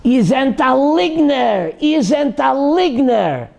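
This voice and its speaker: An elderly rabbi, shaking with anger, shouts the same accusation again and again, as a man acts him out. His voice is high and forceful. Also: very animated, slow pace, gravelly, exaggerated voice. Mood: furious.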